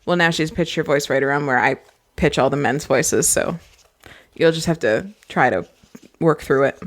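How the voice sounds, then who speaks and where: A woman's voice: sits low, normal speed. A woman hosting a podcast, reading a novel aloud and breaking off with chatty, giggly asides. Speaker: podcast host.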